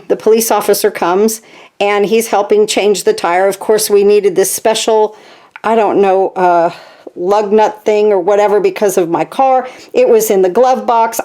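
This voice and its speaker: A woman in her sixties tells a long rambling story as she works on a craft project. She talks in a chatty, animated way and keeps checking in with her listeners. Her voice sits at an ordinary middle pitch. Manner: chatty and animated, frequent "okay?" asides. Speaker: craft channel host. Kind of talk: casual storytelling while crafting.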